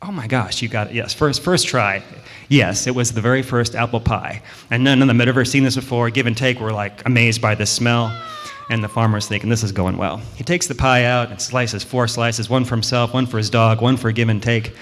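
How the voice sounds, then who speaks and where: A man's voice: mid-range voice, fairly even intonation, brisk, a bit bright, a little hiss or hum. Man telling a children's story in a hall. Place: church sanctuary. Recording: long hall reverb.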